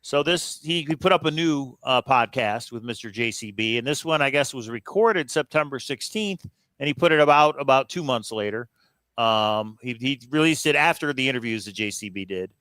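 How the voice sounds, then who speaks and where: A man co-hosts a casual chat in a wry, offhand manner, tossing in jokey asides. His voice is bright, and the recording is dry and close. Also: medium pitch, animated, moderate pace, dry recording. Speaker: co-host.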